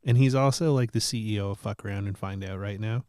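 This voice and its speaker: A man's voice: fairly low pitch, fast talker, clean tone, no echo, clean studio sound. A man hosting a casual chat show, telling stories with lots of laughter and the odd curse. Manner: animated storyteller, swears, laughs often. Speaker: podcast host.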